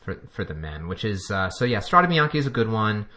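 A man's voice: fairly low pitch, big pitch swings, fairly quick, bright, forceful tone. A man co-hosting a podcast in casual chat, rambling and chuckling as he talks. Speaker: podcast co-host.

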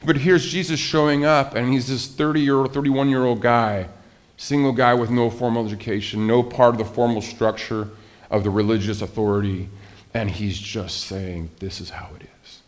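A male pastor preaching a conversational sermon, lively and animated, asking the congregation rhetorical questions. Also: mid-range voice, normal speed.

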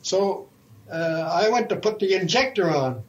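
An older man with a notably high voice recalls the old days in a slow, halting, folksy manner. He speaks as a retired railroad fireman spinning a long yarn for an oral history. The sound is dull and lo-fi, like an old tape recording. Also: lively intonation, slight background noise.

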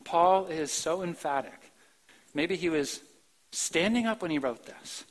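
Man, high voice, pastor, emphatic sermon, soft slow passages and loud outbursts, church. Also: animated, rough recording. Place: church sanctuary, live-streamed.

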